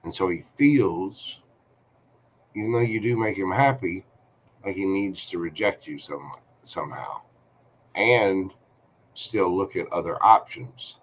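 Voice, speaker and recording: A man hosts a live tarot stream, turning the cards over for a viewer's question. His voice sits low, and he talks slowly, in a chatty, reassuring way. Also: slight background noise. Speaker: tarot reader.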